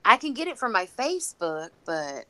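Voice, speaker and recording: A woman's voice: medium pitch, sing-song, normal speed, pushed and bright, dry recording. Rambling woman, dry close sound. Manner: rambling, talks to herself while searching her phone. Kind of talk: casual chat.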